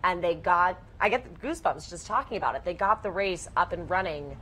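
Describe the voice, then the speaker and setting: A woman guest on a radio show, telling stories eagerly and with clear enthusiasm. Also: lowish voice, brisk, fairly bright tone, low-quality recording. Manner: enthusiastic, storytelling. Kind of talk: casual radio interview.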